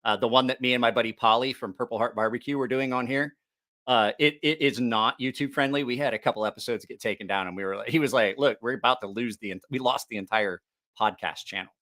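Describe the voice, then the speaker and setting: A man hosting a casual livestream chat, telling a profane story with lots of laughter and animated asides. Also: medium pitch, fast. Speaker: knife channel host.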